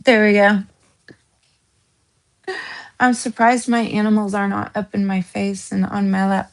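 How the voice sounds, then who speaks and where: A woman's voice: mid-range voice, level tone, a little slow, long pauses. A woman from the American South with a Southern accent, hosting a casual true crime chat, giggly with lots of ums and restarts. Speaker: true crime channel host.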